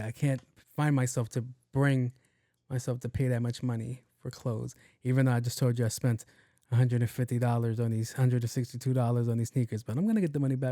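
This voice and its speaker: A man's voice: medium pitch, warm tone, no room sound, studio quality. A young man hosting a podcast, telling a rambling, profane story and acting out both sides of the conversation. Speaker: podcast host. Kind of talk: casual storytelling monologue.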